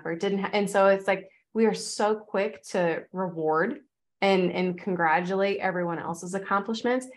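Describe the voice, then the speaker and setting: A woman's voice: mid-range voice, moderate pace. A woman fitness coach in casual podcast chat, talking loosely with many fillers and acting out quoted voices.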